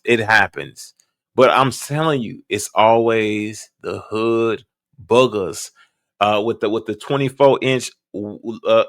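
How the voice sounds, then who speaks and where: Bright, blunt man on a podcast mic. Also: medium pitch, no echo, clean studio sound. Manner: blunt, slangy and emphatic. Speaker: podcast host. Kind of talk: reaction commentary.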